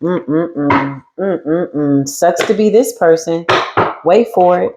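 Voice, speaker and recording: A woman's voice: unhurried, background noise. Sassy woman giving a swearing tarot reading. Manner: sassy, mocking, swears freely, laughs loudly; swings between low murmurs and high teasing squeals. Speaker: tarot reader. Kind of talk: casual spoken tarot reading.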